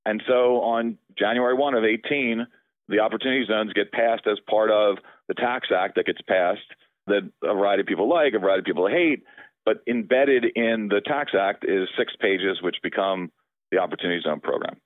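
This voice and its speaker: A middle-aged man, a real estate lawyer, telling a story in an interview and acting out the dialogue with lively energy. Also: lowish voice, brisk, no room sound. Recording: tinny dry phone-like sound.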